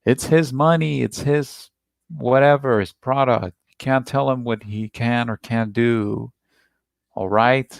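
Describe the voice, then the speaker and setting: A man's voice: mid-range voice, takes it slowly, vocal fry, no room sound. A man hosting a reaction video, talking through a played clip in a rambling, repetitive, defensive way. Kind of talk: casual commentary on a played clip.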